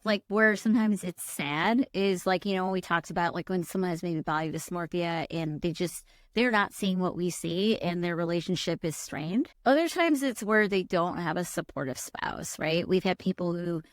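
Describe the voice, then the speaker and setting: A woman's voice: mid-range voice, normal speed, dry recording, studio quality. A woman plastic surgeon hosting a casual podcast, telling patient stories in a reflective, talkative way with many fillers. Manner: warm, reflective storytelling with frequent fillers.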